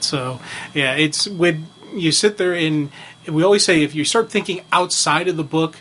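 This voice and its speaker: A man's voice: fairly high pitch, fairly quick, fairly bright tone, a little hiss or hum. A man co-hosting a podcast in casual chat, talking with rambling enthusiasm and many fillers. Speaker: podcast co-host.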